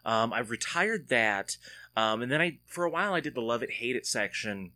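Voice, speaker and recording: A man's voice: mid-range voice, expressive, moderate pace, bright, forceful tone. A man hosting a solo podcast from home, chatting casually in a rambling, joking way with frequent restarts. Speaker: podcast host.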